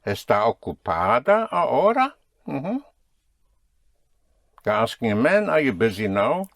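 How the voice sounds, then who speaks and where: A man's voice: mid-range voice, sing-song, a little slow, creaky, fairly bright tone, no room sound, studio quality. A man teaching a spoken language lesson, patiently drilling and correcting his students.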